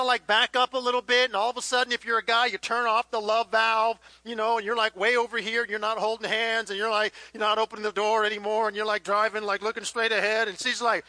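Male pastor, high and sharp-toned, chatty sermon delivery, dry close sound. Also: dry recording, poor audio. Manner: conversational, acts out little dialogues with the congregation. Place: church hall with live congregation.

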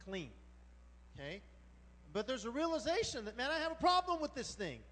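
High-voiced man preaching in a reverberant hall. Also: moderate pace. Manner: animated, colloquial, exclaiming. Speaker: pastor. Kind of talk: sermon.

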